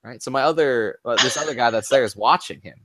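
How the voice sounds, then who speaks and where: A man telling a story in casual chat as a podcast co-host, animated and often adding "right?". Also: mid-range voice, fast.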